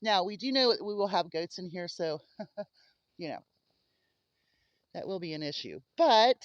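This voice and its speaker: A woman with a lowish, lively voice vlogs casually to a handheld camera on her homestead, outdoors in a windy snowstorm and inside a coop. She speaks a little slowly with frequent pauses, slightly out of breath from the wind, chatting and cooing fondly at her animals. The lo-fi audio has no echo.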